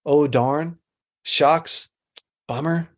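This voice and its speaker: A man's voice: fairly high pitch, steady tone, very slow. A middle-aged man giving an earnest teaching talk to a group, mixing instruction with a personal story and repeating phrases for emphasis.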